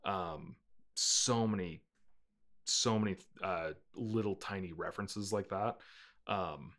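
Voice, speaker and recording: A man casually chatting as a podcast co-host, rambling with lots of fillers and breaking into playful squeaky character voices. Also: slow, a bit bright. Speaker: podcast co-host reviewing a movie. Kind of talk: casual chat.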